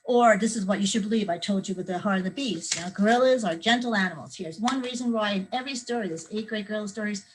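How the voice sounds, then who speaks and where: Animated woman teaching kids to write. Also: mid-range voice, fast, few pauses, noisy background. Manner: lively, acts out scenes with sound effects and screams. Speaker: children's author leading a writing workshop. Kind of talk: teaching kids creative writing.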